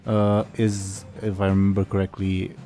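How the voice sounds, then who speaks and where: A man's voice: low voice, monotone, moderate pace, warm tone, faint music behind. A man narrating as game master of a tabletop game, casual and full of fillers. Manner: casual, with many fillers and laughs.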